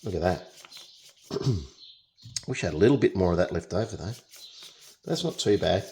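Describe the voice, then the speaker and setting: A man's voice: sits low, expressive, moderate pace, a little mellow, slight background noise. A young Australian man chatting casually through a painting demonstration, joking as he works. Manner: chatty, jokey, talks while working. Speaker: painting tutor.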